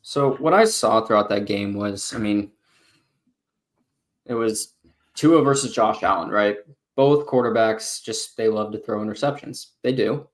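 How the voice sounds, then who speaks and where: A young man co-hosting a laid-back sports podcast tells a story in a fairly low, unhurried voice. He acts out what he said, padding it with plenty of filler words.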